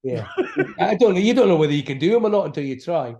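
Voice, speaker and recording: A man's voice: high-pitched, expressive, quick pace, darkish tone, dull audio, a little hiss or hum. A middle-aged man with an Aberdeen Scottish accent, chatting as an actor guest in an interview, rambling with many restarts. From Aberdeen, Scotland. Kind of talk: casual interview chat.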